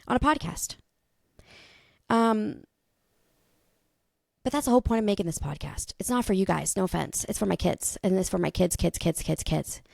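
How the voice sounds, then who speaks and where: A woman in her thirties hosting a podcast, thinking out loud in a rambling, casual monologue with the odd swear. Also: mid-range voice, moderate pace, gravelly, pauses often, no echo, studio quality. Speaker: podcast host.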